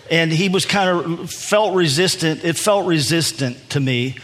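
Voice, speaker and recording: Pastor in his sixties, halting storyteller. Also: a little high, fairly bright tone, a little hiss or hum. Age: 60s. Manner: halting, repeats words and restarts often. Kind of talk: sermon storytelling. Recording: long hall reverb.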